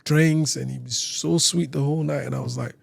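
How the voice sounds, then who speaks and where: A man from Nigeria, a singer on a podcast, telling casual stories in a lively way and acting out other people's lines. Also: mid-range voice, fairly quick, gravelly. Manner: lively anecdote teller who acts out other people's lines. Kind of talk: casual storytelling chat.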